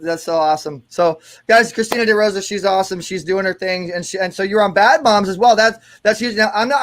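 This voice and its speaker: A man's voice: high-pitched, fairly bright tone. A man hosting an online interview, enthusiastic and stumbling over his words. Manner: enthusiastic, stumbling, restarts often. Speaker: host.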